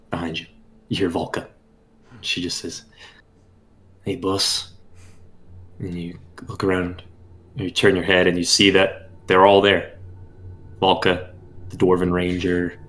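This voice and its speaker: A man narrating a tabletop role-playing game as game master, describing scenes in a measured storytelling way. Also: deep voice, a bit bright.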